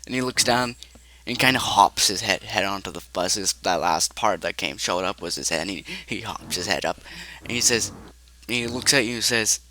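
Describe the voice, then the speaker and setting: A man's voice: lowish voice, moderate pace, bright, forceful tone. A man improvising and narrating a role-play story, rambling and laughing often.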